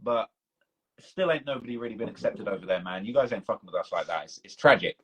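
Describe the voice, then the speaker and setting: British man, husky voice, casual rambling chat, dull lo-fi live-stream sound. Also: on the low side, expressive, fast. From United Kingdom. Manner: loose, rambling, full of "bro" and "man". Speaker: documentary creator and host. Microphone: video call.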